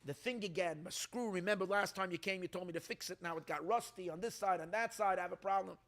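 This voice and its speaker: A man's voice: high-pitched, fast, fairly bright tone. A man voicing a simple villager in a told story, anxious and insistent as he pleads with his rebbe. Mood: complaining. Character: simple older male villager, anxious and stubborn.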